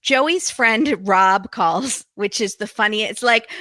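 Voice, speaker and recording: Chatty bright-voiced woman podcast host. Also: on the high side, slow, hardly any pauses, no room sound, clean studio sound. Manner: chatty, lots of "like" and "um", animated retellings. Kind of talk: casual recap chat.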